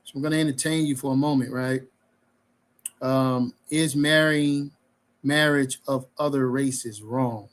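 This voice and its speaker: A man's voice: medium pitch, fairly even intonation, unhurried. A man in a bible study group call, teaching casually and reasoning step by step through his own questions.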